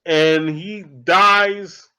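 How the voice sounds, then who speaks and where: A man in his thirties casually recapping a horror movie as an excitable, laughing storyteller, in a dull lo-fi recording. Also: sits high, extremely slow, smooth. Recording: dull lo-fi audio.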